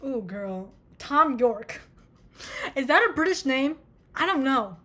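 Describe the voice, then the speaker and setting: She speaks slowly in a high, fairly bright voice with big swings in pitch. A young adult American vlogger in her twenties, she rambles casually about music, cursing and making fun of herself along the way.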